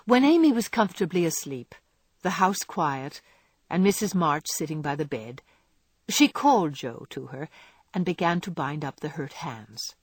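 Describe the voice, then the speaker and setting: A woman narrating a classic novel in an expressive, measured storytelling voice. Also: low-pitched, breathy edge, no room sound. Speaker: audiobook narrator.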